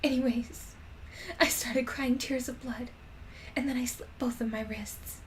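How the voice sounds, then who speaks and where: A woman's voice: a little high, steady tone, a little slow, slight background noise. A woman streamer reading a fan story aloud with amused commentary, often breaking into laughter.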